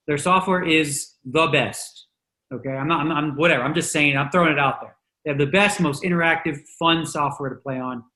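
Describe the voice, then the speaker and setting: Brief: male podcast host, loose chatty delivery, bright tone, roomy echo. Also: fairly high pitch. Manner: chatty, joking, loose with fillers. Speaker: podcast host, poker pro. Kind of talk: casual podcast chat.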